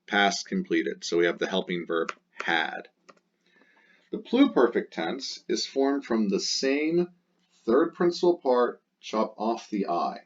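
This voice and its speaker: Slow, low-voiced man teaching grammar. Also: very animated. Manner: methodical, drills endings aloud in rhythmic lists. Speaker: Latin teacher. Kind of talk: classroom grammar lesson. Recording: dull lo-fi recording.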